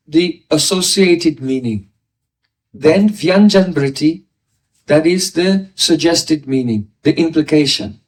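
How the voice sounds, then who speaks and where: A man's voice: a little high, darkish tone, recorded from a distance, rough recording. A man giving a devotional class lecture, explaining ideas through everyday examples and often checking in with his listeners. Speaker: spiritual teacher.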